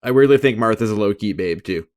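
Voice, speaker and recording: A man co-hosting a casual podcast, animated and laughing as he quotes lines from a show. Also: on the low side, fast, clean tone. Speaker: podcast co-host.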